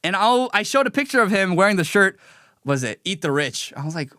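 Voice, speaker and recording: A man hosting a live commentary show, talking in an animated, sarcastic way. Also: high voice, brisk, no room sound, clean studio sound. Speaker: show host.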